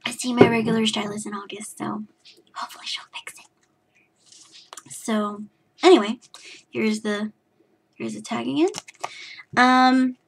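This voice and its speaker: A woman's voice: fairly high pitch, fairly even intonation, unhurried, vocal fry, pauses often, noisy background. A woman from California, hosting her knitting podcast in a rambling, self-deprecating chat full of fillers and restarts. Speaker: podcast host.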